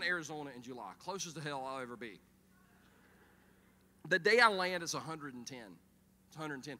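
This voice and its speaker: A middle-aged man preaching a sermon as pastor, telling stories in an animated, humorous way. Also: fairly high pitch, a little fast. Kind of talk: sermon with storytelling. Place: church auditorium. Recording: reverberant church hall.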